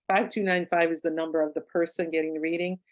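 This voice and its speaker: A woman's voice: low voice, fairly even intonation, fast, low-quality recording. A woman, an author and past-life regressionist, telling a client's case story in a conversational way with asides and fillers. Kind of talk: book club talk, telling a case story.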